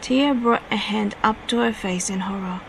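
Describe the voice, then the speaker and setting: Woman reading her fanfic out loud, steady, mid pitch, faint hiss behind. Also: moderate pace, creaky, rough recording. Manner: steady reading with small self-corrections. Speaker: fanfiction author reading aloud.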